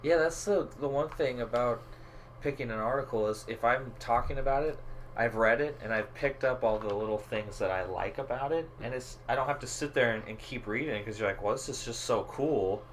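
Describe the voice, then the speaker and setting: A man co-hosting a podcast in casual chat, animated and quick to laugh, acting out quoted lines. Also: medium pitch, slight background noise. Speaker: podcast co-host.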